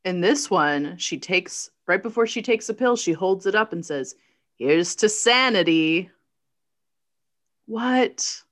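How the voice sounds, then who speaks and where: A woman's voice: medium pitch, expressive, measured pace, hardly any pauses. Wry woman podcast co-host. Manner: wry, quotes dialogue, laughs along. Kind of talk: casual movie recap chat.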